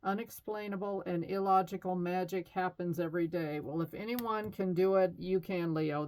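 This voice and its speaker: A middle-aged woman talks through a casual tarot reading in a slightly low voice. She is chatty and reassuring, with easy fillers along the way. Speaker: tarot reader.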